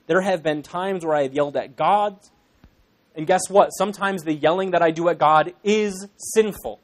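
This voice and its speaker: A man's voice: fairly high pitch, moderate pace. A young Irish man in his twenties, a pastor in training, preaching a sermon to a congregation in an earnest, emphatic way with self-deprecating asides.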